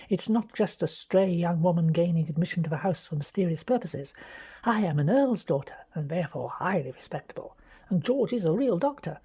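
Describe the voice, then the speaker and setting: A woman with an English accent voicing a bold young aristocratic woman who lays out a scheme in a brisk, bossy way. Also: on the low side, dark tone, breathy edge. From London.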